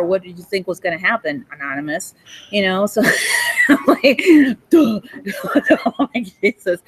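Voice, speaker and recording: A woman's voice: fairly low pitch, a little hiss or hum, low-quality recording. A woman in her forties delivering a rambling, accusatory monologue, swearing and breaking into laughter, recorded in a hospital cafe. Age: 40s. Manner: rants with bursts of laughter and profanity.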